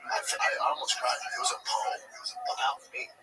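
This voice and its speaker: A man in casual chat, telling stories with lively quoted dialogue. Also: moderate pace. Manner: animated storyteller, acts out quotes. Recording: distant mic, loud background noise.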